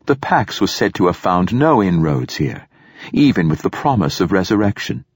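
A man voicing a calm, precise male android companion in an audiobook. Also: low voice, moderate pace, breathy edge, dry recording, studio quality, heavily acted.

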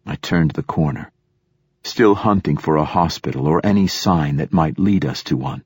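A man narrating an audiobook in a steady, even storytelling manner. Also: extremely low pitch, normal speed, breathy edge, dry recording, clean studio sound. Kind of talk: scripted narration.

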